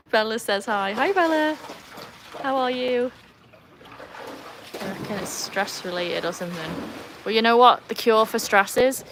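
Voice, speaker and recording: A British woman hosts a casual livestream outdoors by a pool with her dogs, speaking unhurriedly with long pauses against a noisy background. She's chatty, rambling and self-mocking, reads out viewer comments, and talks to her dogs in a high, excited voice.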